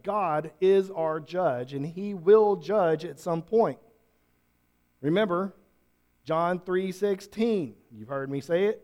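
A man preaching a sermon to a congregation, moving from quiet reflection to loud, emphatic peaks. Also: a little high, animated, takes it slowly. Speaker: pastor. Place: church room with congregation.

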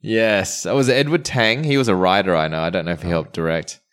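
A man's voice: deep voice, steady tone, brisk, fairly bright tone, clean tone. A man hosting a casual podcast, joking and bantering crudely with his co-hosts. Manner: jokey, playfully crude banter. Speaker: podcast host.

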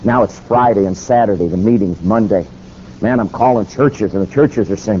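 A man preaches a sermon in a fairly low, mellow voice at normal speed. He narrates a story with drama, voicing the quoted dialogue, and the recording sounds dull and lo-fi with faint noise.

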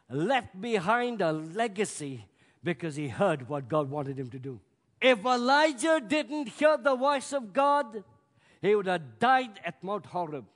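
A man preaching a sermon, swinging between loud bursts and hushed, drawn-out words. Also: high-pitched. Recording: long reverb of a large hall.

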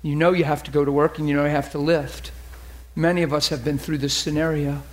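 A man preaching as a pastor, animated and acting out quoted voices in a lively sermon. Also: a little high, fast.

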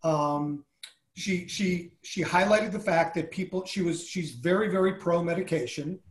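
A man hosts an interview in a fairly high voice, recorded in an echoey room. He sounds enthusiastic but halting, leaning on fillers as he builds up his questions. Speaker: podcast host. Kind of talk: conversational interview.

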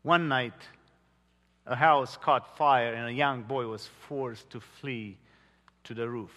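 A man preaching a sermon, telling stories earnestly with dramatic pauses. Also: mid-range voice, steady tone, a bit bright. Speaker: pastor. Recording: long hall reverb.

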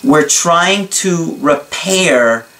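A man from New York telling a personal story to his viewers in an earnest, reflective and halting way. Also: a little high, lively intonation, sharp tone. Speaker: relationship video creator. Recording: voice somewhat far from mic.

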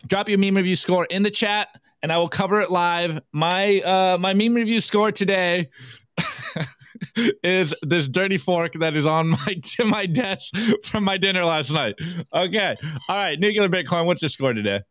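A man hosting a live podcast, reviewing memes in an energetic, casual way and hyping up his audience with catchphrases. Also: high-pitched, normal speed, clean tone, dry recording, clean studio sound. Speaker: podcast host.

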